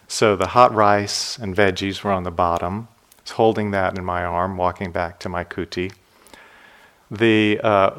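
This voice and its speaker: A man with a fairly low voice gives a dharma talk in an unhurried, storytelling way. His tone stays gentle and reflective. The ends of his phrases sink quietly. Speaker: meditation teacher. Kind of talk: dharma talk with personal stories.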